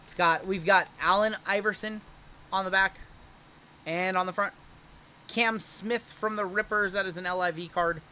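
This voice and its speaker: A man hosts a live card break, talking casually and reacting with upbeat energy as each pack opens. His voice is bright and forceful and sits a touch high. Faint ambient noise sits under the talk. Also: steady tone. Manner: chatty, upbeat, and quick to react to pulls.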